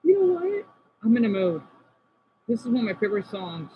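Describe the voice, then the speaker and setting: A man's voice: extremely high pitch, big pitch swings, a little fast. A man chatting casually as a vlogger, reacting to videos with rambling, apologetic, playful asides. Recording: slightly dull, faint background noise.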